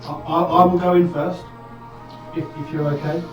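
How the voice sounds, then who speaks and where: A man's voice: on the high side, little pitch movement, normal speed, distant mic. A man player chatting casually while planning a move at a tabletop game, often repeating words as he starts sentences. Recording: roomy, from afar, music behind.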